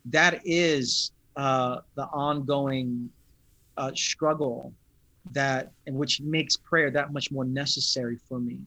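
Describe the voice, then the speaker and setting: A man, a pastor, talking in an interview in an earnest, thoughtful, unhurried way. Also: mid-range voice, steady tone, bright, forceful tone, no echo. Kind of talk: reflective interview talk.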